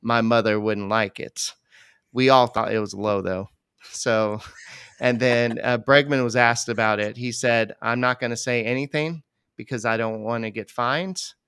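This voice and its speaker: A man co-hosting a baseball podcast, talking casually and rambling with many pauses. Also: medium pitch, fairly even intonation, a bit bright, clear, resonant tone, no room sound, clean studio sound. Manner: rambling, many fillers and restarts. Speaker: podcast co-host. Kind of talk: casual sports chat.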